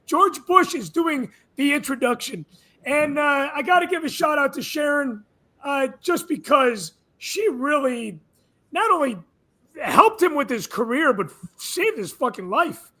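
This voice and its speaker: A man hosting a casual live-stream chat show, excitable and swearing freely. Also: very high-pitched, measured pace. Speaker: host.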